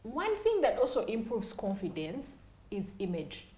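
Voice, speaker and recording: A woman's voice: a little high, wildly swooping pitch, unhurried, darkish tone. Emphatic woman giving advice. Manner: emphatic, gives advice, repeats phrases. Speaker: podcast co-host. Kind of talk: casual chat. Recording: roomy echo.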